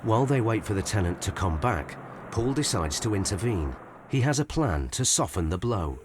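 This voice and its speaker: A man narrating a documentary in a scripted, measured and expressive way. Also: on the low side, noisy background. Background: background music.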